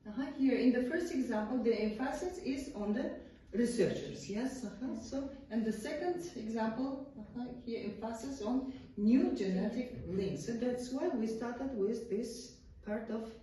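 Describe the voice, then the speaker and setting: A woman's voice: on the high side, measured pace, warm tone, recorded from a distance. A woman teacher with an Uzbek accent giving a classroom lecture, often saying "uh-huh" and checking with students by asking "yes?". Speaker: English teacher. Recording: echoey classroom, voice from across the room.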